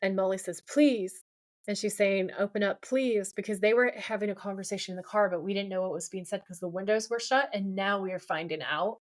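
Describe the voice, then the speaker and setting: A woman's voice: medium pitch, quick pace, hardly any pauses. Woman animatedly recapping a TV episode. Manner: animated retelling, quoting dialogue and ranting. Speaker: podcast co-host. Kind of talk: casual chat recapping an episode.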